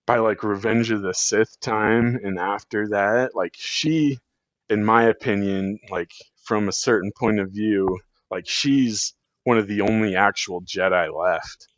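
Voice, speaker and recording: A man's voice: fairly low pitch, takes it slowly, no echo. A man talking as a podcast guest in a rambling, casual way, full of fillers and restarts. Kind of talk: casual chat. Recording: dull lo-fi sound.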